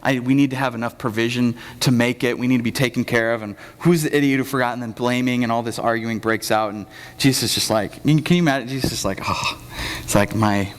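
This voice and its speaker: A young man giving a sermon as pastor, talking casually and joking, acting out quotes in lively voices. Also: medium pitch, fast talker. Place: church hall. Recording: long hall reverb.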